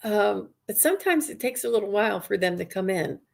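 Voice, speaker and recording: A woman's voice: mid-range voice, animated, a little fast, creaky, a little mellow. A woman working as a psychic medium, giving a live reading to viewers in an earnest, rambling way with many restarts.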